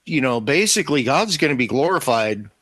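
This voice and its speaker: A man's voice: mid-range voice, big pitch swings, brisk, fairly bright tone. A man as a podcast guest, speaking reflectively about faith and thinking aloud as he goes. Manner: reflective, thinks aloud with restarts and "you know". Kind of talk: casual faith conversation.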